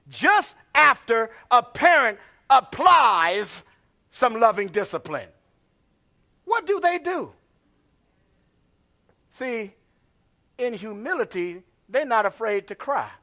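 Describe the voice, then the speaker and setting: High-voiced, bright preaching pastor. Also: male voice, very animated, slow pace, long pauses. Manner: preaching with swings from hushed to shouted; calls out to the congregation. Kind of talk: sermon.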